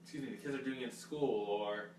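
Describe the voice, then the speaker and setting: A young male pastor preaching casually with earnest, conversational warmth, now and then teasing. His voice sits at a middle pitch and sounds set back from the mic in a reverberant room. A faint hum runs underneath. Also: fairly quick, recorded from a distance. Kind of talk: casual sermon chat.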